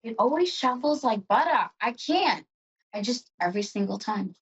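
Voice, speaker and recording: A woman's voice: on the high side, lively intonation, moderate pace, muffled recording, a little hiss or hum. A woman hosting a psychic show, giving an emotional and chatty tarot reading.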